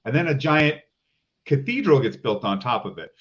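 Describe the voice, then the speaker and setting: A man in casual chat, a relaxed and wry film buff laying out obscure movie details. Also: medium pitch, normal speed, highs cut off. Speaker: guest.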